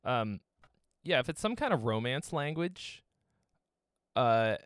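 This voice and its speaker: A man's voice: medium pitch, big pitch swings, takes it slowly, clean tone, no echo, studio quality. A man from Massachusetts in profane, joking casual chat. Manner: profane, joking, mimics people.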